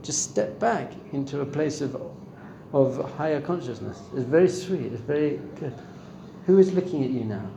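A man's voice: mid-range voice, creaky, dark tone, echoey room, a little hiss or hum. A middle-aged man giving a spiritual talk on meditation, conversational and questioning his listeners. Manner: conversational, asks the audience questions. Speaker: spiritual teacher. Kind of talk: Torah class on meditation. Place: room with a live audience.

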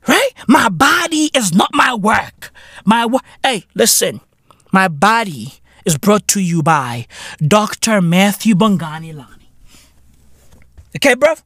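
Lively, slow-ranting male podcast host. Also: high-pitched, dry recording, clean studio sound. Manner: animated, profane, keeps asking "right?". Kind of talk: comedic podcast rant.

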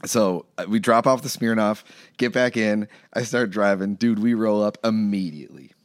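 A man's voice: on the low side, moderate pace, no room sound, clean studio sound. A man in his thirties telling a road story in casual chat, acting out the people in it and laughing often. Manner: animated, acts out quotes, laughs often. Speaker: guest, studio engineer. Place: studio room.

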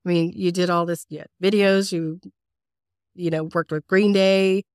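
Female host, low-pitched, encouraging casual interviewer, dry mic. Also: fairly even intonation, moderate pace, darkish tone, no room sound. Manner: encouraging, laughs often. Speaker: podcast host.

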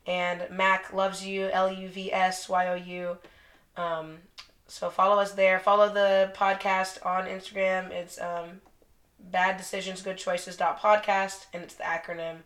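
A young woman co-hosts a podcast in casual, swear-filled chat. Her voice is bright and forceful. The room gives it a roomy echo. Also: medium pitch, flat delivery, unhurried. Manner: profane, blunt storytelling with laughs. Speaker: podcast co-host.

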